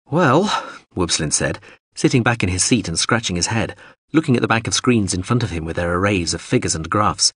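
A man's voice: low-pitched, expressive, a little fast, a bit bright, husky, dry recording, clean studio sound, full character voice. A man voicing a stout, rambling ship engineer in a loose, offhand way. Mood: easygoing.

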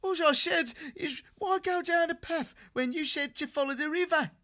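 A man's voice: extremely high pitch, moderate pace, pushed and bright, voice pushed up. A man voicing a timid, nervous male weasel captain who speaks in an anxious, defensive way.

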